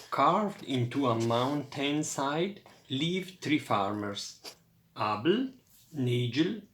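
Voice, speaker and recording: A man reading a children's picture book aloud in a lively storytelling voice. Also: mid-range voice, reverberant.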